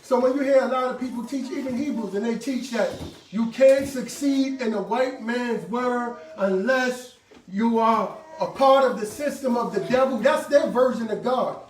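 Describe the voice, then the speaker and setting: A man preaching a sermon to a congregation, in call-and-response style with sudden shouted bursts and casual slangy asides. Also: extremely high pitch, normal speed. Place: worship room with congregation. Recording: echoey room, mic far off, faint noise.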